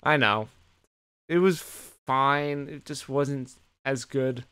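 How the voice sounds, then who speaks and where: A man co-hosting a podcast, swearing freely in an animated, casual recap of the week. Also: medium pitch, slow, clean tone. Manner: animated retelling, heavy swearing. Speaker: podcast co-host. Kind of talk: casual chat recapping wrestling.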